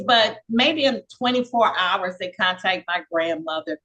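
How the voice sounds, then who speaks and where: An older woman, a podcast guest, telling her life story in a casual, lively way and acting out the voices of people she quotes. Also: medium pitch, a little slow, few pauses, poor audio. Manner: lively, acts out quoted dialogue; frequent fillers and repeats.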